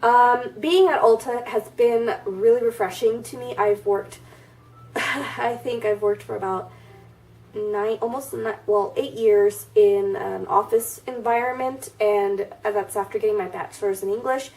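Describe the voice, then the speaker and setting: A woman's voice: on the high side, unhurried, darkish tone, a little hiss or hum. Stuffy-nosed woman chatting at a distance. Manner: chatty, rambling with fillers and restarts. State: stuffy, nasal from a cold. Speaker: beauty vlogger. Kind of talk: casual get-ready-with-me chat.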